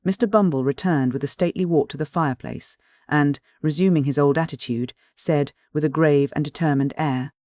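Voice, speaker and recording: A man narrating a classic novel in a formal, measured reading style, close to the microphone. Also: on the high side, darkish tone, no room sound. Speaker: audiobook narrator. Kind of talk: scripted narration.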